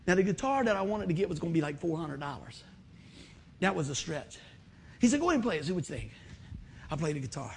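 Man, middle-aged, from West Virginia, preacher, storytelling sermon, high voice, faint background noise. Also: fast, creaky, long pauses. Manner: animated storytelling, acting out voices, bursts of loud whoops.

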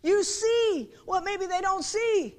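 A middle-aged woman preaches a conversational sermon, frequently using rhetorical questions to make sure listeners are following. Her voice is very high and a little mellow, with a slow pace.

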